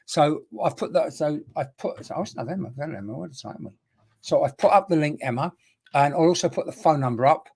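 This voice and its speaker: A woman's voice: low-pitched, expressive, a little fast, darkish tone, slightly rough. A woman working as a spiritual medium, giving a live-streamed reading in a chatty, repetitive way and greeting viewers by name with endearments.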